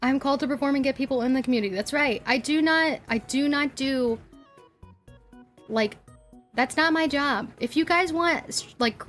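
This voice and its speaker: A young woman streaming and chatting casually, animated and ranting, laughing often and filling with likes and ums. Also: high voice, normal speed, faint music behind. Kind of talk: casual live-stream chat while drawing.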